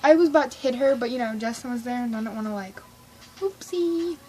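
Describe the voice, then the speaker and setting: A woman vlogging about a concert, telling it in an excitable, gushing way and acting out her own reactions. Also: a little high, slight background noise, poor audio. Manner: gushing, excitable, fast-shifting, reenacts her own squeals. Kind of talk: excited casual storytelling.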